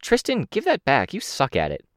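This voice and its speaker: A man voicing a bossy, teasing young teenage girl in an audiobook, impatient and bright. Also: mid-range voice, huge pitch swings, normal speed, dry recording, clean studio sound, pitched above the performer's own voice.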